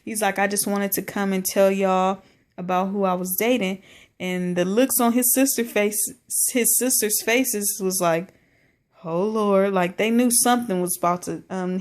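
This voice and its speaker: Chatty slangy woman vlogger. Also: mid-range voice. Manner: chatty and slangy, with many fillers and "like"s. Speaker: vlogger recapping a reality show. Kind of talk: casual chat.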